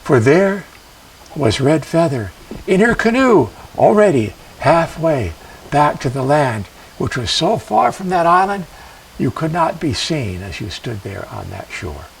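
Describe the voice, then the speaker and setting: A man telling a traditional legend in a measured, expressive way with dramatic pauses. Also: on the high side, vocal fry, far from the mic, slight background noise, poor audio. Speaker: storyteller. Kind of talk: traditional storytelling performance.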